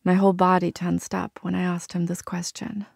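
A woman's voice: on the low side, completely flat delivery, normal speed, vocal fry, a little mellow, no echo, studio quality. A woman from Argentina narrating her personal story in a candid, reflective way. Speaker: journalist and narrator.

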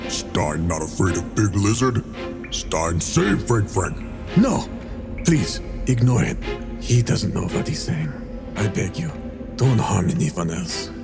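A man's voice: low voice, lively intonation, slow, gravelly, pitched below the performer's own voice, exaggerated voice. A man voicing a simple-minded stitched-together monster who begs in broken speech, over background music. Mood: pleading. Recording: music playing behind.

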